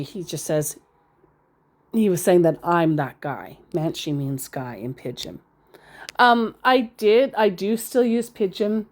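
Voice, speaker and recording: A woman's voice: fairly low pitch, lively intonation, slow, a little mellow. A woman giving casual, sarcastic commentary as she reads out messages from scammers, rambling into asides. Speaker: scambaiter reading scam chats.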